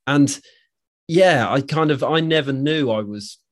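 A young man hosts a podcast in a soft, reflective way. He is self-deprecating and open about his feelings. His voice sits mid-range. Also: mid-range voice, a little slow. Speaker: podcast host. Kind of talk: reflective conversational chat.

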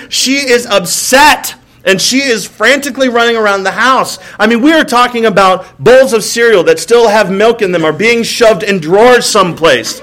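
A man's voice: sits high, pushed and bright. A male pastor preaching a sermon in a church, telling humorous stories and acting out bits of dialogue, often checking in with "right?". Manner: humorous storytelling with acted-out dialogue; asks the crowd "right?" often.

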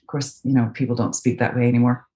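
Low-voiced North American woman, chatty. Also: little pitch movement, fast, dark tone. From Canada. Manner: chatty, thoughtful, many fillers and restarts. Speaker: voice actress guest. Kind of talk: casual interview chat. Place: home, remote video call. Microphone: video call.

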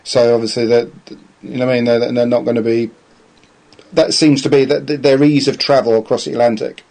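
Man, podcast co-host, rambling, casual chat, mid pitch. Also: little pitch movement, brisk, vocal fry, darkish tone, low-quality recording. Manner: rambling, with restarts and laughs.

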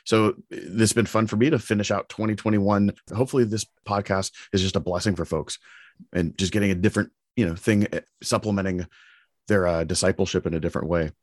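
A man's voice: deep voice, fairly even intonation, fast talker, dry recording, clean studio sound. A man co-hosting a podcast, talking casually and laughing often. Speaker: podcast co-host. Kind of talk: casual conversation.

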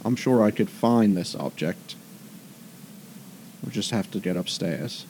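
A man playing a tabletop role-playing game, thinking aloud about plans in a relaxed way. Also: lowish voice, a little slow, a little hiss or hum, poor audio. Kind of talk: casual tabletop game chat, partly in character.

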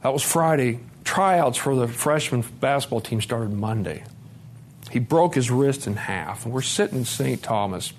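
A man's voice: mid-range voice, expressive, measured pace, a little hiss or hum. A middle-aged man from Montana giving a candid personal testimony at a recovery conference, blunt and profane, acting out the dialogue as he tells it. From Montana, USA.

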